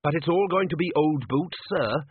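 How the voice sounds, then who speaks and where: A man's voice: on the high side, moderate pace, husky, no echo, voice pushed up. A man voicing a nervous, honest head waiter who worries and pleads, on a tinny, phone-like recording. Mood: fretful. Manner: fretful, pleading. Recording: tinny phone-like dry audio.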